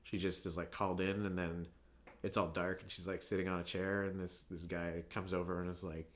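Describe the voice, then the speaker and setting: Young male podcast guest, lowish voice, loose rambling storyteller, laughs often. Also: level tone, a little fast. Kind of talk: casual chat.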